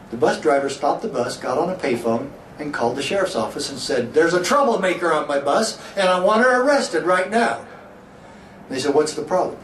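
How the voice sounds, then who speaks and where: A middle-aged man, a sheriff, giving a public speech, telling a story and asking the crowd rhetorical questions. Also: medium pitch. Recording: echoey hall from far off, faint hiss.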